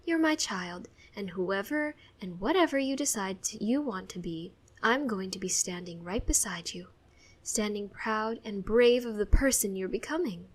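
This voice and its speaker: A woman's voice: medium pitch, lively intonation, normal speed, natural voice. A woman voicing a loving, emotional mother who speaks in a tender, tearful way.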